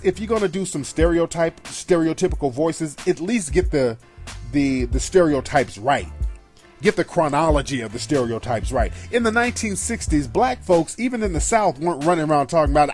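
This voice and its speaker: A man, middle-aged, hosting a radio show and giving a blunt, profane, scornful review of a film in an emphatic monologue. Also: a little high. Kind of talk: opinionated monologue. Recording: faint music behind.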